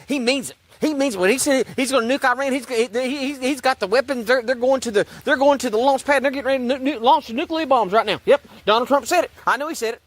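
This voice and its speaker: High-voiced sarcastic man ranting. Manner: sarcastic, repetitive; rambling, stumbling restarts. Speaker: online commentator. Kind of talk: religious political rant.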